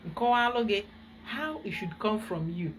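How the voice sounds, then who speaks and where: A woman with a Nigerian accent, a spiritual guide giving an emphatic, animated teaching talk. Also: medium pitch, normal speed, slight background noise.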